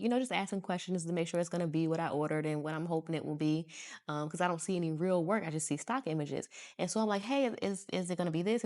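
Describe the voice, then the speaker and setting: A young woman from the United States chatting casually to camera from her couch, telling stories animatedly and acting out what people said in a higher voice, laughing often. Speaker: vlogger. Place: home, sitting on a couch.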